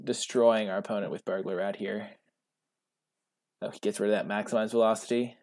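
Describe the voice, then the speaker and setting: A man with a fairly low voice talks through a card game for his channel. His commentary is wry and self-mocking, and it breaks into sudden excited outbursts. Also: dry recording, clean studio sound. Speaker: gaming channel host.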